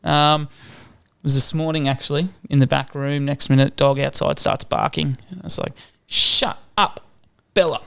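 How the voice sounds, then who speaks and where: A man's voice: a little high, little pitch movement, normal speed, creaky, few pauses, fairly bright tone, clean tone. A man in his thirties, a father and teacher, telling family stories on a casual podcast and laughing often. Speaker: podcast co-host. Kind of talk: casual chat.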